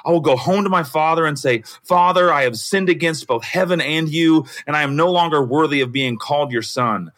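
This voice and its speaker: A man's voice: fairly high pitch, brisk, hardly any pauses, fairly bright tone, voice pushed up, lightly acted. A Southern man reading as a starving young son, pleading.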